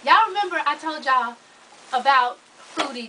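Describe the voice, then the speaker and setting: A woman's voice: sits high, lively intonation, a little fast, pushed and bright, rough recording. A woman chiming in from the side with teasing remarks. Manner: teasing interjections, laughing along.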